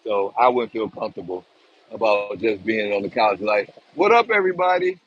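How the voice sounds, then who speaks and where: A man's voice: on the low side, fairly even intonation, moderate pace. Man streaming live outdoors, loose profane rambling to viewers; slightly dull phone audio with faint street noise. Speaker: livestream vlogger. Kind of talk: casual live stream chat.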